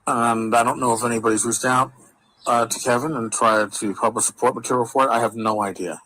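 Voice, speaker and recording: A man explaining tabletop games in a measured, halting way. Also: mid-range voice, fairly even intonation, pushed and bright, poor audio.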